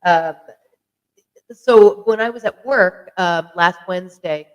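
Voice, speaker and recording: A chatty podcast host rambles to the camera at an easy, conversational pitch. The voice is smooth and clear, full of fillers and self-corrections. Now and then they pause for a sip. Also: low-quality recording. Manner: sips a drink while talking. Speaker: podcast host reviewing beer. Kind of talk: casual chat to camera.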